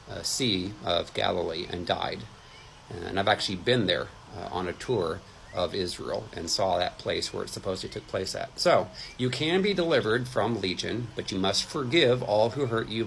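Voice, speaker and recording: Gravelly-voiced man teaching scripture. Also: low-pitched, a bit bright, slight background noise, low-quality recording. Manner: reads scripture aloud with asides, some hesitant fillers. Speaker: deliverance minister. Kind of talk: sermon-style Bible teaching.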